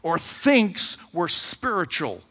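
A man's voice: high-pitched, very animated, slow, a bit bright, in a large hall. A man preaching a sermon in a conversational, storytelling way, acting out little dialogues as he goes. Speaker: pastor.

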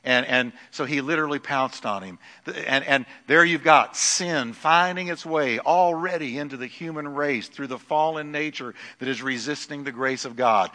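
A middle-aged man preaching a sermon in a church, swinging from loud declarations to hushed lines. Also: mid-range voice, lively intonation, normal speed, hardly any pauses. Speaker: pastor. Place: church sanctuary. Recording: long hall reverb.

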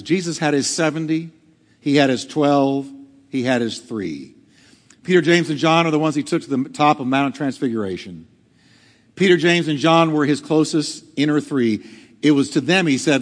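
Animated preaching man in echoey church. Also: medium pitch, normal speed. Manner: dramatic preaching, acting out quotes. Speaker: pastor. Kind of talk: sermon. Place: church hall.

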